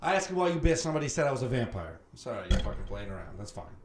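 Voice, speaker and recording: A man hosting a podcast, telling stories in a casual, animated chat, cursing freely and acting out what others said. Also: medium pitch, racing. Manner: animated storyteller, swears freely, acts out quoted voices. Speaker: podcast host. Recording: roomy sound with faint background noise.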